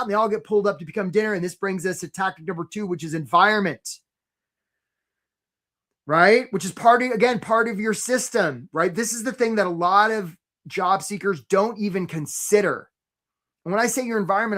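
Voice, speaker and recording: The host of this live career-coaching webinar is a man with a high voice. He's chatty and full of energy, with a habit of asking "right?" again and again.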